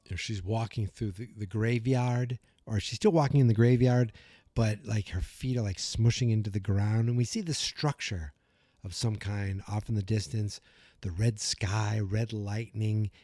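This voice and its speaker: A man's voice: fairly low pitch, fairly even intonation, normal speed, warm tone, no echo, clean studio sound. A man hosting a podcast, chatting casually through an episode recap, with lots of "you know" and "like", and acting out the characters' lines as he goes. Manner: acts out character lines while retelling. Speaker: podcast host.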